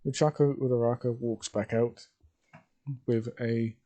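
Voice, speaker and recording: Dark-voiced man narrating a fan story. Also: medium pitch, fairly even intonation, a little slow. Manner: casual and rambling, with asides. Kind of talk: reading a fan story aloud.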